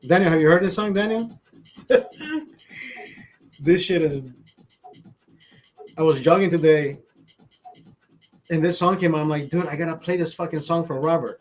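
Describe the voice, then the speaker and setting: A man's voice: a little high, normal speed, long pauses, faint music behind. A man hosting a live stream, telling a long story in casual, profane chat, repeating himself and breaking off mid-sentence. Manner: profane, rambling, self-interrupting. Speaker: livestream host.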